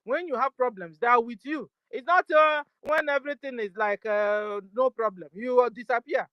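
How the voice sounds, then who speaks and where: A woman hosting a casual live audio chat, forceful and firm, often asking "you understand?". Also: on the high side, normal speed, dry recording, dull audio. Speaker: host of an online audio space.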